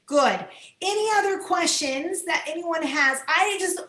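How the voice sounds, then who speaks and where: A woman's voice: very high-pitched, unhurried, pushed and bright. A woman coordinating volunteers in a training video call, talking earnestly and with emotion, often laughing between her words. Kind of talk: Zoom training talk. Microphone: computer mic on a video call. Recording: roomy echo on a video call.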